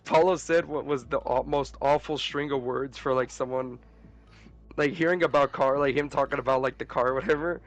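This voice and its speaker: A man's voice: medium pitch, fairly even intonation, brisk, faint music behind. A young man streaming a game, chatting with friends and telling profane, joking stories in a drawling way. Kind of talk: casual gaming chat with friends.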